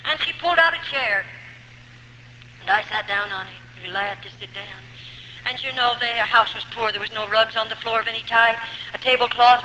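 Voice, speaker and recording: A woman's voice: fairly high pitch, sharp tone, reverberant, big-room sound, a little hiss or hum, rough recording. An older woman from the United States telling her life story as a religious testimony, emotional and acting out what people said. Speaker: former nun giving her testimony.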